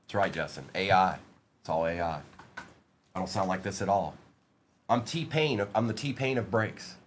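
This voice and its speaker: A man's voice: low-pitched, measured pace, slight background noise. A man hosting a live-streamed trading card break, reading out player names and bantering with the chat in a playful way.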